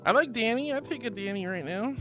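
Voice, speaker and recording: A woman's voice: fairly high pitch, lively intonation, fast talker, fairly bright tone, faint music behind. A woman streaming as a VTuber host, chatting casually, reading chat aloud and thanking viewers with affectionate pet names.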